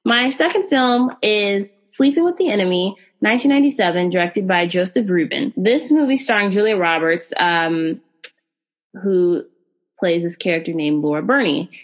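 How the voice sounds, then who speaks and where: A woman hosts a film podcast, chatting casually and animatedly about movies with frequent fillers and direct asides to her listeners. Her voice is mid-range and her pace moderate.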